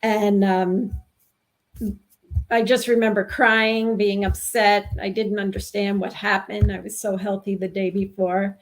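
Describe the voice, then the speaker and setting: A woman in her sixties from New York, telling a personal story in an interview, earnest and halting with frequent restarts. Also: medium pitch, level tone. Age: 60s. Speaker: guest telling her experience.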